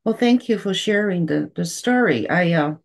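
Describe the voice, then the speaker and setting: Gentle woman host, Chinese native speaker. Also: on the low side, lively intonation, moderate pace, gravelly. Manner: gentle, sympathetic questioning. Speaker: forum host. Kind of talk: interview questions.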